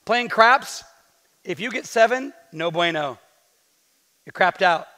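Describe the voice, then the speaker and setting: A man preaching a sermon as pastor, lively and joking with playful asides to the congregation. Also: sits high, slow pace. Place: church sanctuary. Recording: long hall reverb in a church.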